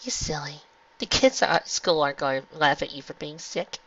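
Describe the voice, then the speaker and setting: A man's voice: sing-song, normal speed, exaggerated voice. Man voicing a queen mother pony, lo-fi. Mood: tender. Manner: gentle scolding, raised pitch. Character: caring queen mother pony, warm but firm. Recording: lo-fi home recording.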